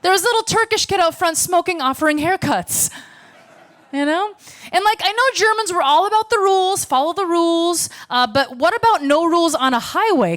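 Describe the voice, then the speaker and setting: A woman's voice: extremely high pitch, a bit bright. An American woman doing a stand-up comedy set on a club stage, brash, sarcastic and profane. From United States.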